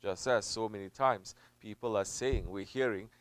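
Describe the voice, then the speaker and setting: A man's voice: normal speed, no room sound. Emphatic man preaching a sermon. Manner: emphatic, swings from low murmurs to loud stressed peaks; repeats and restates phrases for stress. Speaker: Sufi teacher. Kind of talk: sermon answering a question.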